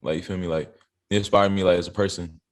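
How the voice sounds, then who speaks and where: A man's voice: deep voice, steady tone, fast. A young man from South Carolina, a rapper, telling his story in a loose, slangy, laid-back way as an interview guest. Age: young adult. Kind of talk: casual interview chat. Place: interview studio.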